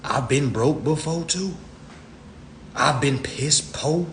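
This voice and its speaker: A man's voice: fairly high pitch, slow pace, pauses often, noisy background. A man on a live stream, ranting in a blunt, profane, preachy way into his phone. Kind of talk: casual rant.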